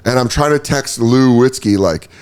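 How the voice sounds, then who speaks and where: A man's voice: mid-range voice, a little slow, clean tone. A man in casual podcast chat, telling a story with lots of acted-out reactions and casual swearing. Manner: animated storyteller acting out his own reactions; swears freely.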